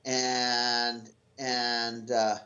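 A man's voice: mid-range voice, extremely slow. Rambling storyteller man on lo-fi audio. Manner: animated storyteller, rambling with fillers and restarts. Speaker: guest telling a sailing story. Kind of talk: casual anecdote. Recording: lo-fi dull audio.

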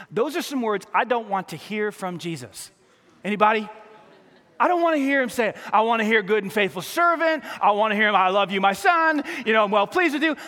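A man with a very high, bright voice preaches a sermon with animated delivery, slipping into voices for the people he quotes. The sound carries a long reverb, like a big hall. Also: quick pace. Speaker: pastor.

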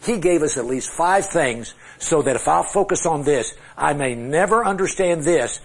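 Middle-aged male Bible teacher, husky, animated delivery, self-mocking humor, quizzes his class. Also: on the high side, moderate pace. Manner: conversational, asks the class questions. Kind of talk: classroom Bible lecture with charts.

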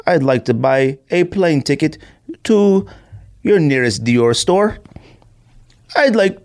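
A man voicing a pompous, overly polite English gentleman, with a put-on English accent and raised pitch. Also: expressive, slow pace. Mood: grandly polite. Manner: overly formal, exaggerated politeness.

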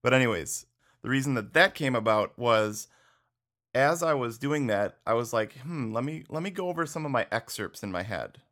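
A man's voice: medium pitch, animated, moderate pace, fairly bright tone. A man co-hosting a podcast in casual chat, laid-back, laughing often and saying "dude" and "like". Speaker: podcast co-host.

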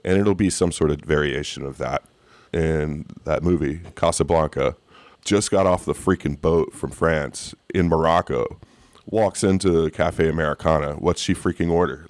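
A man co-hosting a casual talk show, telling animated stories and swearing casually. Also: rumbling low, normal speed, no echo. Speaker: cocktail podcast co-host. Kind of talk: casual chat.

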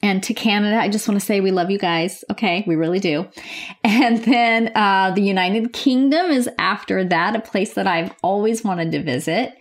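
An American woman, a nurse, hosts her own podcast from a home office, chatting in an upbeat, gushing way. Her voice is medium in pitch and her pace moderate, suited to casual podcast talk.

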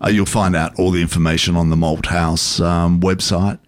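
A man's voice: low voice, level tone, normal speed. A man hosting a radio interview, talking hesitantly with many fillers. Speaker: radio host. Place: radio studio.

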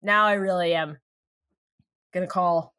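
Recapping a TV show as a podcast co-host, this woman chats casually, giggling and rambling through plenty of fillers and laughs. She has a lowish voice with a steady tone, a measured pace, and a pushed, bright quality.

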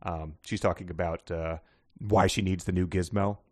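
A man's voice: deep voice, steady tone, moderate pace, darkish tone. A man co-hosting a podcast book discussion in casual chat, making wry, dry remarks with chuckles. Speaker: podcast co-host.

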